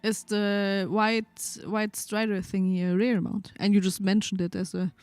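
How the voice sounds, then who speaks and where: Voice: medium pitch, level tone, measured pace, darkish tone, clear, resonant tone, no room sound. A stream guest chatting casually, speaking earnestly with frequent hesitations. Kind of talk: casual chat.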